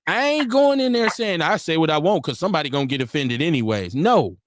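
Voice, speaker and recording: A man's voice: a little high, quick pace, slight background noise. A man co-hosting a live talk stream, arguing his point hard and acting out quotes as he goes. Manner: animated, argumentative, acts out quotes. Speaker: podcast co-host. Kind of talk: heated casual debate. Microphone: remote stream.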